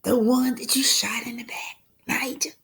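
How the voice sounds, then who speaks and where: A woman's voice: on the high side, steady tone, moderate pace, gravelly, fairly bright tone, slightly rough, voice pushed up, heavily acted. A woman voicing a mocking female passenger who taunts a man about spirits. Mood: taunting. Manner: mocking, laughing.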